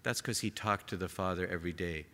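Impassioned preacher in a reverberant hall. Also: male voice, low-pitched, fast. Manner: impassioned, rising to emphatic peaks then dropping soft. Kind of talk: sermon.

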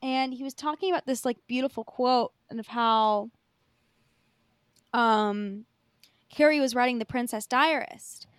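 Woman, podcast co-host, casual chat, higher voice, dry close sound. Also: measured pace, pauses often, clear, resonant tone, no echo. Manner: chatty, recaps with fillers.

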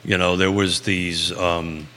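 Bright-voiced older Long Island man. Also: low-pitched, level tone, takes it slowly, long reverb tail. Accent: Long Island New York. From Long Island, New York. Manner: rambling, loose, with many fillers and restarts. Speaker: real estate talk show host. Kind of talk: live talk show chat.

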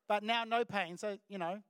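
A middle-aged man with a New Zealand accent, a pastor preaching a sermon in an animated storytelling way. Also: high voice, clean tone, no echo. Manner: animated storytelling with acted voices and laughs. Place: church stage.

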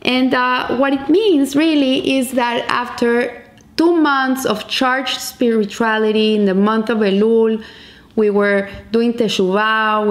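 Higher-voiced woman giving a spoken lesson. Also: roomy sound. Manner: explanatory, storytelling, with repeated restarts. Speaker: Jewish teacher. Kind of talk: spoken teaching on the Hebrew calendar.

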